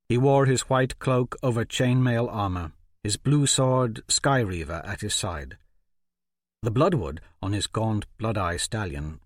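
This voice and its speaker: A man narrating a fantasy audiobook in a steady, measured storytelling voice. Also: lowish voice, no room sound, clean studio sound. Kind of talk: scripted narration.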